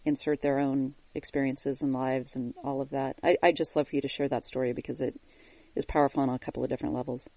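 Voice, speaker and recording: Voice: mid-range voice, dark tone, no room sound. An interviewer asking a long, searching question full of restarts.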